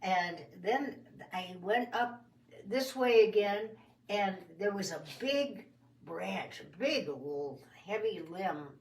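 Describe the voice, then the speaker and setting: A woman telling a children's story in a folksy, expressive first-person way. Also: mid-range voice, takes it slowly, distant mic. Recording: roomy sound from off the mic.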